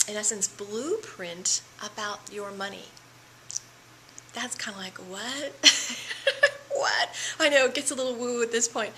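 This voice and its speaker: A middle-aged woman teaching entrepreneurs in a chatty, animated way, slipping into asides and voiced inner thoughts. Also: on the high side, a little hiss or hum, poor audio. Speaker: business mentor.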